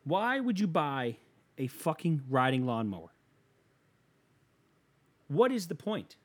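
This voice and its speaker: A man hosting a show, delivering a casual comedic rant that is profane and exasperated, with loud emphatic outbursts. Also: fairly high pitch, big pitch swings, slow, pauses often.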